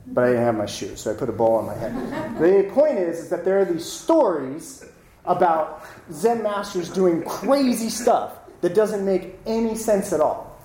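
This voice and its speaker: A lecturer giving a casual talk, telling stories in an animated way and often tossing in "right?" to the listeners. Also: medium pitch. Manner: animated storytelling, frequent "right?" asides. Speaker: lecturer on Buddhism. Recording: roomy room with faint noise.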